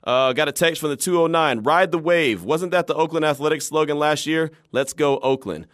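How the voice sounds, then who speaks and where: A man hosting a sports talk radio show, chatting with animated energy and laughing easily. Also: a little high, brisk, no echo, studio quality.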